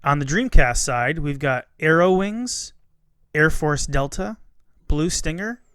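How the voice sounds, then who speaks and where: A man's voice: fairly high pitch, takes it slowly, a bit bright, smooth, dry recording. Playful male podcast co-host, dry close sound. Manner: playful, laughs often, rattles off lists. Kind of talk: casual chat.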